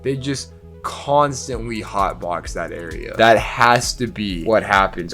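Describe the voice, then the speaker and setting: A man's voice: fairly low pitch, fairly bright tone. A young man reads an AI-written text adventure aloud and keeps breaking off to laugh, swear and mock what it wrote. His voice swings up and down with lots of energy, and faint music plays beneath him. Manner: laughs often, swears, shifts into silly voices for characters. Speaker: gaming channel host.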